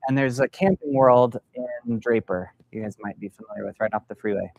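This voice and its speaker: A man's voice: on the low side, a little fast, vocal fry, darkish tone, no echo. A middle-aged man mentoring business founders in a live workshop, telling a story and quizzing the room. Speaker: sales mentor. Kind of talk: live workshop talk to an audience. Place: meeting room with an audience.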